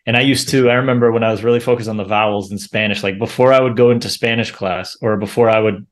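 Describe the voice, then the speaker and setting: A man in casual conversation, speaking in a measured, thoughtful way as a guest. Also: lowish voice, steady tone. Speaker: English teacher, guest.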